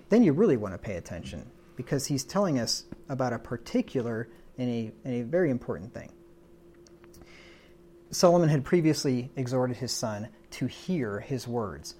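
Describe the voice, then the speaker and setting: A man's voice: medium pitch, a little mellow. A man preaching, explaining scripture verse by verse in an emphatic, teaching manner, often repeating words as he goes. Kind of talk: sermon, verse-by-verse Bible teaching.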